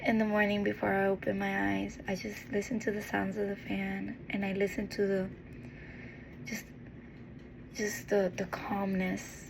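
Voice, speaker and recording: A woman giving a heartfelt, encouraging monologue as a vlogger, earnest and tender, with pauses and restarts. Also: medium pitch, monotone, vocal fry, noisy background. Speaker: motivational vlogger.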